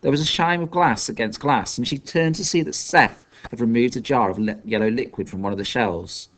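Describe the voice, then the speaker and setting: A man's voice: medium pitch, brisk, a bit bright. A man reading a children's novel aloud as scripted narration, telling the story expressively. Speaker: audiobook reader.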